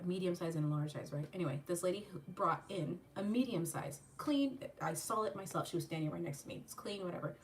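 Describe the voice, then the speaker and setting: A woman with a fairly low voice tells a store story in a casual, animated, profane way, acting out every person she describes. She sits a little back from the mic, with a faint hum of room noise behind her. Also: distant mic. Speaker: channel host. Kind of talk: casual storytelling while doing a makeup tutorial.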